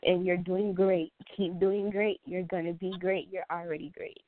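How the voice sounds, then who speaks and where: A woman's voice: on the low side, little pitch movement, moderate pace. Heartfelt young woman on a tinny line. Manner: heartfelt, repeats herself for emphasis. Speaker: guest, best friend. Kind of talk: emotional tribute in a talk show. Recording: tinny phone-line sound, dry.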